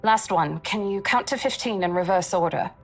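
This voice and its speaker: A woman voicing a tall, calm woman asking questions to check an injury. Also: mid-range voice, normal speed, faint music behind, lightly acted.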